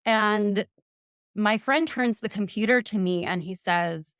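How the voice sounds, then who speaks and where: A woman's voice: mid-range voice, takes it slowly, a bit bright, clean tone, no echo, clean studio sound. A woman in her thirties, a podcast guest, earnestly retelling a personal story and quoting messages aloud.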